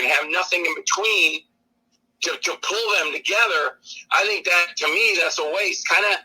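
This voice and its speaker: A man's voice: sits high, normal speed, bright, forceful tone, breathy edge, rough recording. A man guest on a podcast chatting casually about horror movies, acting out scenes in exaggerated put-on voices. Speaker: actor and filmmaker guest.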